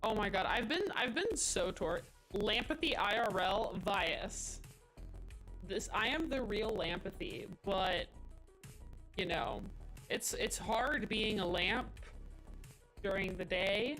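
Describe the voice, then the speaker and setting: A woman's voice: mid-range voice, animated, slow pace, a bit bright, soft background music. A woman live-streaming as she codes, chatting casually and thinking aloud in a rambling way with many fillers. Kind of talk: casual live-stream chat while coding.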